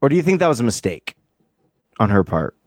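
A man's voice: mid-range voice, sing-song, fairly quick, no room sound, clean studio sound. A man co-hosting a casual podcast about a TV show, who swears often and acts out quotes with energy. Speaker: podcast co-host.

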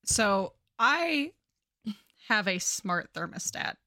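A woman co-hosting a podcast, recapping a book in casual, profane, animated chat. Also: medium pitch, takes it slowly, no echo, studio quality. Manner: chatty, profane, animated storyteller. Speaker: podcast co-host.

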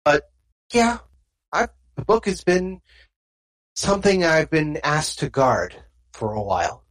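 A game master voicing a calm, nonchalant man who guards a book of memories and talks in a soothing, cryptic way. The voice sits higher than the game master's own. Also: slow pace, rough recording.

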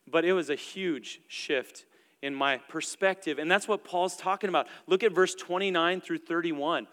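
A young adult man preaching a sermon in a relaxed, conversational way, with plenty of filler words. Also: fairly high pitch, moderate pace. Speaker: pastor. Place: church auditorium stage. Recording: long reverb from a large hall.

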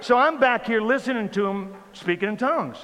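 A man telling a funny personal story from the pulpit in a sermon, animated and comic. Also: high-pitched, a little fast, a little hiss or hum. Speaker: pastor. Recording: reverberant hall with faint ambience.

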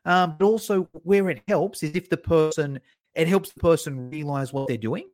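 A man with a slightly higher voice talks as a podcast guest. He tells stories in a relaxed, chatty way. He jumps into the voices of the people in his anecdotes with bursts of energy. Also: normal speed. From Australia. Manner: animated, acts out quoted people in his stories. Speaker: podcast guest, fitness educator. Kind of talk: casual storytelling interview.

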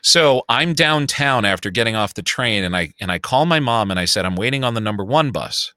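A man's voice: medium pitch, lively intonation, a little fast, sharp tone, no room sound, clean studio sound. A man in his fifties with a Chicago accent, telling a long story in casual podcast chat and swearing freely. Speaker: podcast co-host.

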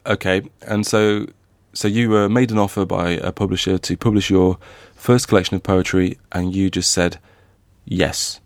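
Deep-voiced man chatting on a podcast. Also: level tone, normal speed, dry recording. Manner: chatty, many restarts and fillers. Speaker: podcast co-host, novelist. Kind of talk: casual podcast chat.

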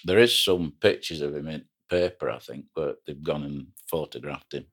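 A man's voice: rumbling low, moderate pace, slightly rough. An older man, a retired pilot boat skipper telling rambling anecdotes from his working days. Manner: rambling anecdotal storyteller with frequent restarts. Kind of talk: reminiscing oral history.

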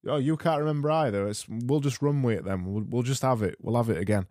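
A man's voice: mid-range voice, fast, hardly any pauses, darkish tone, dry recording, soft background music. A man with a Barnsley accent hosting a solo podcast, rambling and self-mocking as he reads out quiz questions. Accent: Barnsley, Yorkshire. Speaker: podcast host.

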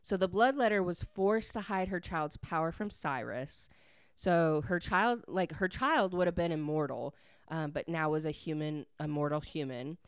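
A woman's voice: low-pitched, normal speed, clean tone, no echo. A woman hosting a podcast, casually recapping a book in chatty talk that is full of fillers. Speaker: podcast host.

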